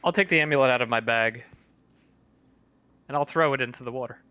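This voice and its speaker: Crisp, decisive man player. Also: medium pitch, brisk, sharp tone. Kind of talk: casual tabletop play.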